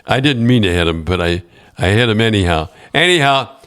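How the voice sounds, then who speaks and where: An older man telling rambling, halting anecdotes in a casual podcast chat, repeating words and laughing often. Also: fairly low pitch, animated, a bit bright. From Canada. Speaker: co-host telling stories.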